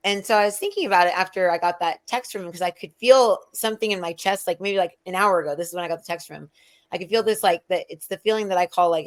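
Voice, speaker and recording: A middle-aged woman rambling through casual spiritual chat, acting out quoted people with sudden jumps in her voice. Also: fairly low pitch. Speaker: spiritual medium and co-host.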